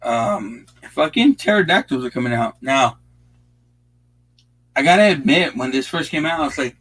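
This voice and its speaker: A man's voice: medium pitch, expressive, moderate pace, long pauses, fairly bright tone, breathy edge, low-quality recording. A young man casually talking over a movie he is watching, rambling with lots of fillers and constant swearing. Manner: profane, rambling, laid-back with frequent fillers. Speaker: watch-along host.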